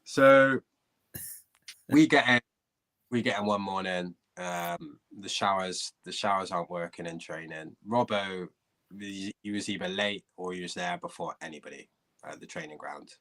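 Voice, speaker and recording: A former footballer, a man, telling a lively anecdote as a guest on a live podcast, laughing often. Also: low-pitched, normal speed, low-quality recording. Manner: animated, laughing storyteller. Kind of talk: storytelling.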